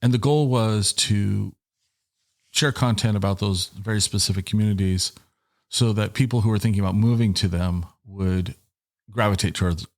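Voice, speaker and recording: Man, middle-aged, deep voice, gravelly, casual podcast host, rambling, office studio mic. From Washington State. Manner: rambling, self-interrupting, joking. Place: small office. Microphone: headset and studio microphone.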